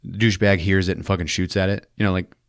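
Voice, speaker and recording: A man's voice: low voice, level tone, quick pace, vocal fry, dry recording, clean studio sound. A man hosting a podcast, recapping a movie in a casual, profane, laughing storytelling style. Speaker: podcast host.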